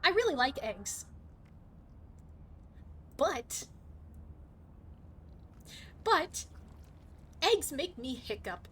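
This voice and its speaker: Woman gamer, live commentary, unhurried delivery, faint noise behind, prone to cursing. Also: sits high. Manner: chatty, swears often, talks to chat; excitable reactions, sudden outbursts. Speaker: live streamer.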